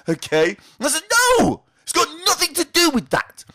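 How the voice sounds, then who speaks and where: A man with a high voice that swoops up and down as he teaches. He hosts a weekly trading tip and keeps the talk moving with rhetorical questions that he answers himself. His delivery is lively and animated. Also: moderate pace, few pauses. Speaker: trading educator and show host. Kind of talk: direct-to-camera teaching talk.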